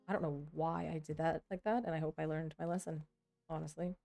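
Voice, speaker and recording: Here the card-sorting vlogger speaks in a low, warm voice with vocal fry and fairly even intonation, soft music underneath. She chats loosely with her viewers while building her deck, mocking herself and acting out quick imaginary exchanges.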